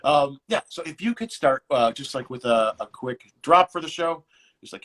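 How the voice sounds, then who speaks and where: A man's voice: mid-range voice, animated, moderate pace, a bit bright. A man hosting a casual live-stream interview, rambling and joking with many restarts. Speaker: talk show host.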